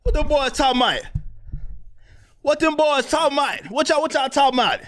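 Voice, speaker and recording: Give me a man on a boastful, profanity-laced rant, talking in a swaggering and repetitive way. His voice sits very high in its pitch, and he keeps circling back to the same jabs. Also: fairly quick, fairly bright tone. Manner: brash, swaggering, repetitive, cursing. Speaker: clip subject.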